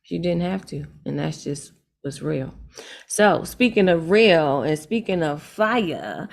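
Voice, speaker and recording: Gravelly-voiced woman hosting an open mic. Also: low voice, expressive, slow. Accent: American. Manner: upbeat, playful slang.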